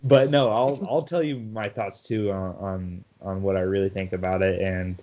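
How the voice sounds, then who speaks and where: A man's voice: deep voice, fairly even intonation, moderate pace, darkish tone, highs cut off. A man co-hosting a sports podcast in casual chat, talkative, often laughing and restarting his sentences. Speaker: podcast co-host.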